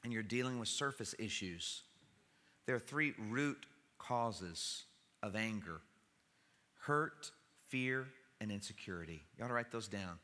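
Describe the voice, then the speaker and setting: A man's voice: lowish voice, expressive, a little slow, sharp tone. A man preaching a sermon in church, in a conversational way with wry humor. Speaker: pastor. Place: church sanctuary. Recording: reverberant church hall.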